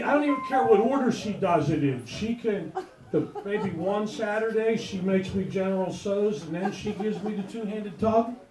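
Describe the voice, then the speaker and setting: A man performing a crude stand-up comedy set, telling rowdy stories with punchlines. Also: sits high. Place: comedy club stage before a live audience. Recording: echoey club with audience laughter.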